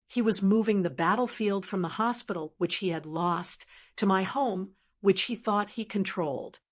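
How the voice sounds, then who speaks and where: A woman narrating a dramatic first-person story in a measured, scripted way. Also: medium pitch.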